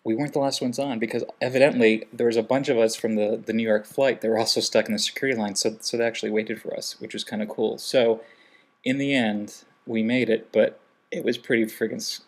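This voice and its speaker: A man's voice: mid-range voice, fairly even intonation, brisk. A man vlogging casually, telling a humorous travel story and acting out what people said. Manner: humorous, acts out quoted lines in other voices.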